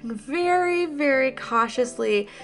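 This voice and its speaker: Woman player, gravelly, chatty and careful, laughs a bunch. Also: sits high, lively intonation, unhurried, faint music behind. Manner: cautious, chatty, laughs a lot. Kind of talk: casual tabletop play.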